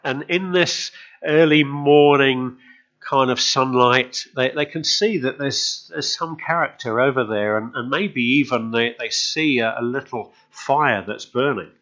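A man giving a sermon in a relaxed, storytelling way, often asking his listeners questions. His voice sits at a middle pitch. The recording sounds dull and lo-fi. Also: measured pace. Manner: conversational storytelling, asks the congregation questions. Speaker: preacher.

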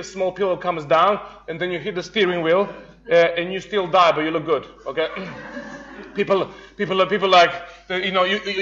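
A man's voice: high-pitched, sharp tone. A man from Serbia, preaching a humorous sermon, telling jokey stories with laughs and many restarts. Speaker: pastor. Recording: dull lo-fi sound.

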